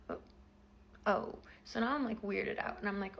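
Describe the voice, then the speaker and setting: A woman's voice: medium pitch, fairly even intonation, brisk, creaky. A woman in her twenties telling a personal story in a chatty, casual vlog style, full of fillers.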